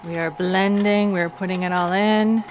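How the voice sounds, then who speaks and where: A woman filming a casual cooking vlog, chatty and excitable, talking straight to the camera. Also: medium pitch, normal speed, background noise. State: out of breath. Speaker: cooking vlogger.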